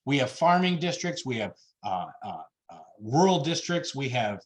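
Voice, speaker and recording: Emphatic man pitching on a video call. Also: sing-song, normal speed. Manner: emphatic, gets worked up, many fillers. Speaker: party officer candidate presenting plans.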